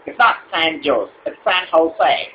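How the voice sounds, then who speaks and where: A man doing an irate, impatient customer who spells everything out bluntly. His voice sits high and swings widely in pitch, slowing down to hammer his point home. The recording is slightly dull, with a faint hiss behind it. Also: very animated. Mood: exasperated. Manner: exasperated, blunt, spells letters out loudly. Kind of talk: comedy sketch.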